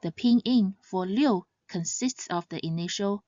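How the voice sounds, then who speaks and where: A woman teaching Mandarin pronunciation in scripted narration, saying each example syllable louder and higher. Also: measured pace, few pauses, no room sound. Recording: slightly dull, dry sound.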